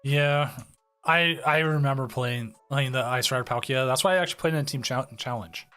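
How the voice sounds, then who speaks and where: A man's voice: mid-range voice, fairly quick, clean tone. A man co-hosting a card tournament stream, chatting casually and repeating words as he goes. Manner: relaxed, hesitant, repeats words. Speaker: stream co-host running the tournament. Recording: faint music behind. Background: faint music.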